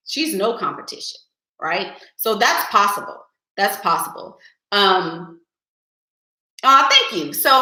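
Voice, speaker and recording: A young woman hosts a live stream in an echoey room, handing out blunt, sassy advice directly to her viewers in casual chat. Her mid-range voice sounds pushed and bright.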